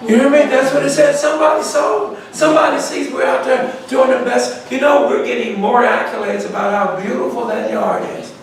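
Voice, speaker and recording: A male pastor leads a Bible study, retelling conversations in a folksy, animated way. His voice sits high for a man. He is heard from a distance in a very echoey church room. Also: brisk, few pauses, a little hiss or hum. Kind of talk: Bible study talk with storytelling.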